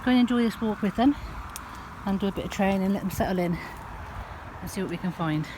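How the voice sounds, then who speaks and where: A woman with a Northern English accent vlogging casually as she walks a wet park track, chatty and given to high sing-song baby talk with her cats. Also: quick pace, background noise. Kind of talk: casual walking vlog.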